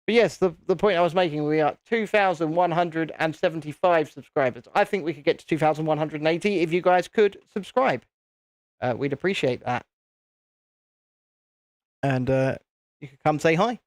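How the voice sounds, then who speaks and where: A man's voice: on the high side, moderate pace, no room sound, studio quality. A British man hosting a live stream, chatting casually to viewers in a self-deprecating, easily flustered way. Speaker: channel host.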